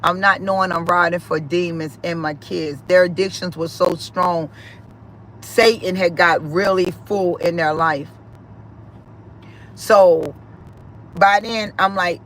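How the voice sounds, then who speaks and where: A woman's voice: lowish voice, pushed and bright, rough recording. A middle-aged woman, giving a personal spiritual testimony in an emphatic, repetitive, emotional way. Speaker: spiritual speaker.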